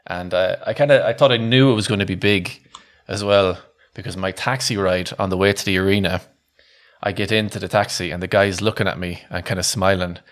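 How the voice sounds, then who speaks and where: A man's voice: sits low, fairly even intonation, a little fast, a bit bright. A man co-hosting a podcast, telling a long anecdote in a casual, rambling way, often restarting sentences and laughing. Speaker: podcast co-host.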